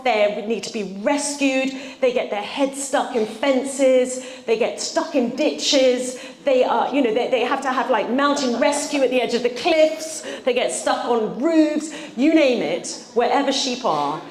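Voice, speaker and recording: Woman preaching in an echoey church. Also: a little high. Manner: earnest, storytelling, slows for scripture reading. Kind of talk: sermon.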